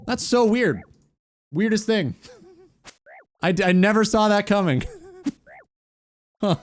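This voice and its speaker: A man's voice: high voice, expressive, slow pace. A man chatting casually on a gaming stream, teasing and mock-incredulous.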